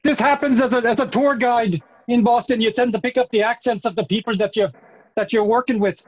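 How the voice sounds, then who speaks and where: Older improv actress, high voice, hammy, on a muffled lo-fi recording. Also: female voice, steady tone, fairly quick. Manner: exaggerated, put-on accents. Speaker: improv performer. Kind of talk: improv comedy scene.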